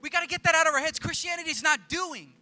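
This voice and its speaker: A man in his thirties preaching a sermon in a church, telling a story in an animated, casual way. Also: very high-pitched, fast talker, dry recording, faint music behind. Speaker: pastor.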